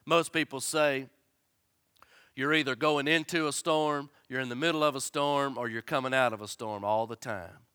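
A man preaching a sermon as a pastor, swinging from loud urgency to soft, gentle tones. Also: medium pitch, normal speed, smooth, no room sound, studio quality.

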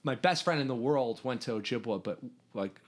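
A Hungarian man appears as a podcast guest, telling a story casually in an animated, rambling way full of restarts. His voice is medium-pitched and his pace is moderate.

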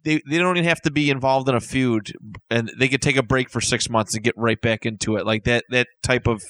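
A man's voice: mid-range voice, fairly even intonation, brisk, fairly bright tone, no room sound. A man in a casual podcast chat, agreeable, with brief remarks.

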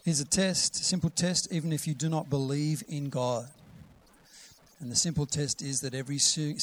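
A man preaching a sermon, quoting scripture with rising emphasis and sometimes dropping to a soft whisper. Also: a little high. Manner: drops to a soft whisper to act out a gentle voice.

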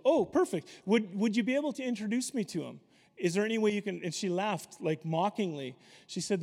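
A man's voice: high-pitched, creaky, a little mellow, big-room sound. A man preaching to a congregation, telling a story animatedly and acting out the voices of the people in it. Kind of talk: sermon storytelling.

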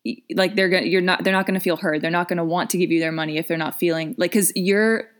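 A woman's voice: lowish voice, fairly even intonation, quick pace. A young woman in her twenties giving casual business coaching advice, chatty with lots of fillers and restarts.

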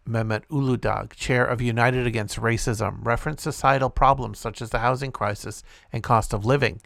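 A man, hosting a short show and reading a news report aloud in a steady, measured way. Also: medium pitch, gravelly, dry recording, studio quality. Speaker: host.

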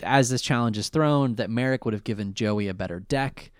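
A man's voice: medium pitch, brisk, smooth, no room sound, studio quality. A man co-hosting a casual recap chat who talks animatedly, laughs often and acts out the characters. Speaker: podcast co-host.

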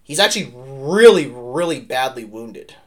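A man talking history casually as a podcast co-host, animated and rambling, peppering his talk with "like" and "right?". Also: mid-range voice, a little slow.

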